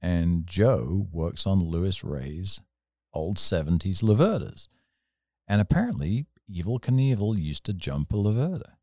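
Deep-voiced man spinning stories. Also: unhurried, no echo, studio quality. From England. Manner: animated, rambling, laughs often. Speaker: storyteller, podcast guest. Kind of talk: casual anecdotal storytelling.

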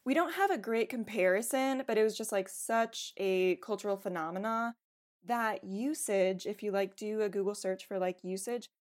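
A woman's voice: medium pitch, moderate pace. A woman co-hosting a podcast, telling a story from her research in a casual, chatty way, full of "like" fillers. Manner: chatty, filler-heavy with frequent "like". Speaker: podcast co-host presenting research. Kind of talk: casual chat.

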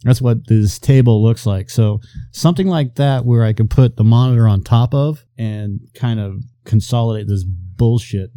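A man's voice: mid-range voice, normal speed, mellow, no echo. A man hosting a podcast, talking casually and crudely and telling stories. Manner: crude, storytelling banter. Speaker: podcast host.

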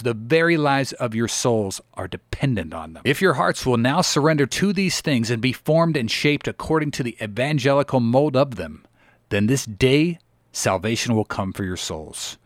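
Man, sermon reading, solemn and measured, earnest pleading, mid-pitched, dry close sound. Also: dry recording. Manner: earnest, measured preaching cadence with pleading exclamations. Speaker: reader of historical sermons.

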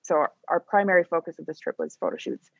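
Female guest, relaxed casual talker, lower voice, dry dull recording. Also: fast, no echo. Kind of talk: casual chat.

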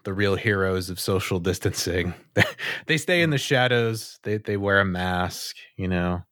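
A man's voice: low voice, lively intonation, a little slow, fairly bright tone, no echo. A man co-hosting a casual podcast, cracking dry, wry jokes. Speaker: podcast co-host.

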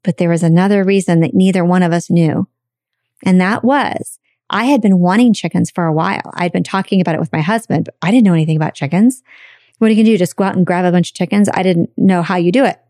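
A woman telling a personal story in a chatty, animated way, acting out the voices of people she quotes. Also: on the low side, fast, no echo, clean studio sound.

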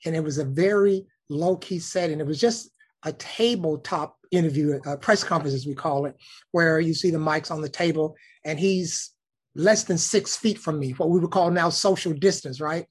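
A man, a news cameraman telling a lively story in a casual interview. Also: on the high side, moderate pace, breathy edge. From Alabama, United States. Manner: animated storyteller, acts out quoted voices.

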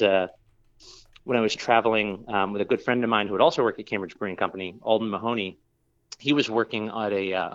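A man's voice: fairly low pitch, fairly bright tone, lo-fi sound. A man who works as a brewer, telling a long story in a casual interview, rambling with lots of fillers and restarts.

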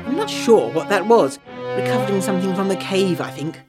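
A woman narrating a letter in an audio drama, eager and gossipy with quick asides. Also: medium pitch, expressive, close to an everyday voice. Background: jazz music.

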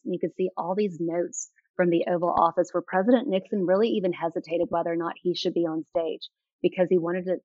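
The speaker is a female author guest in an interview, telling anecdotes excitedly and leaning heavily on filler words. Her lowish voice is a little mellow, there's no room sound, and the audio quality is dull and lo-fi.

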